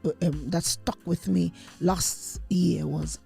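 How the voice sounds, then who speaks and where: A woman's voice: on the low side, fairly even intonation, takes it slowly, gravelly, warm tone, slightly rough, soft background music. A woman co-hosting a podcast, telling news stories in a rambling casual chat with many restarts. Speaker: podcast co-host.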